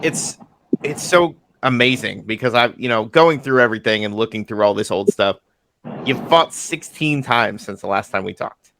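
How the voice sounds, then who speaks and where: A man hosting an interview podcast, chatty and quick to laugh. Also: lowish voice, fairly bright tone, slight background noise. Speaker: podcast host, MMA journalist. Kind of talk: casual interview chat.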